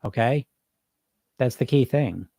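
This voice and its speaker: A man's voice: mid-range voice, slow, creaky, mellow, no echo, clean studio sound. A man hosting a weight loss coaching podcast, talking casually and energetically with frequent restarts and asides while answering listeners live.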